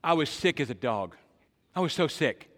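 An older male pastor delivers a sermon with a bright, forceful voice. He asks the congregation questions and swings between loud emphasis and quiet, hushed lines. The sound rings with a long reverb, like a large sanctuary. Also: on the high side, expressive, moderate pace.

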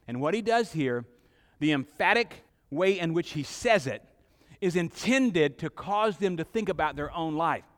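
Middle-aged male preacher, emphatic sermon with dramatic pauses, voice a touch high, long sanctuary reverb behind him. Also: lively intonation. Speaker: pastor.

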